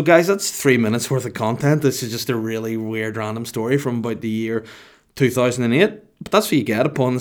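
A man in his thirties hosting a podcast, telling a rambling comic story in a jokey, self-mocking way. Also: mid-range voice. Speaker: podcast host.

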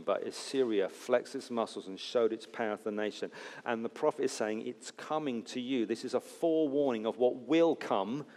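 A man preaching an expository sermon in a conversational way, with jokey asides, swinging between loud emphasis and hushed, low passages. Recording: long hall reverb.

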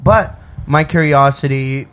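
A man's voice: medium pitch, measured pace, fairly bright tone. A man telling a story in casual chat, laughing often and swearing.

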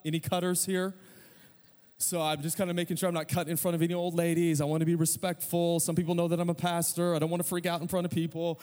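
A middle-aged male pastor preaching a sermon, telling a story with self-deprecating humor and quick asides. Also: on the high side, completely flat delivery, a little mellow, in a large hall.

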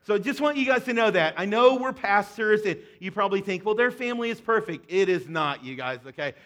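A middle-aged male pastor delivers a sermon from a church stage, his voice pitched noticeably high. He talks earnestly to the congregation, sinking into soft, hushed passages and then building to loud, emphatic peaks. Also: a little fast.

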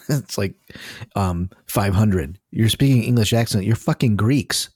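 A man's voice: lowish voice, measured pace, darkish tone, husky, no echo, studio quality. A man co-hosting a casual podcast, rambling and hesitant with many fillers. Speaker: podcast co-host. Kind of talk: casual chat.

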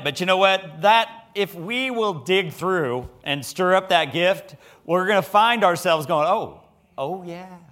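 Folksy man preaching a sermon. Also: on the high side. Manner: folksy, conversational, animated storytelling.

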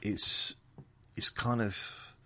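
A man's voice: extremely slow, bright, forceful tone. A man with a southern English accent, hosting a podcast as a meandering, self-correcting monologue meant to lull listeners to sleep. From southern England. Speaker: podcast host.

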